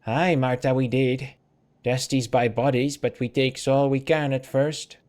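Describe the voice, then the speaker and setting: Brief: man voicing a strange old crone seamstress, sing-song mumble, broken grammar, slow. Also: mid-range voice, fairly even intonation, a little mellow, lightly acted. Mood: mumbling. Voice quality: sing-song, speaks of herself in third person. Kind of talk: reading game dialogue aloud.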